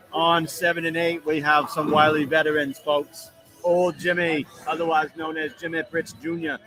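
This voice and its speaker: A man hosting live bowling commentary from a booth at a bowling alley, joking around as he reads out the matchups. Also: a little high. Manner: jokey, drops into a mock British accent. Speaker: tournament commentator and show host. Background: music playing.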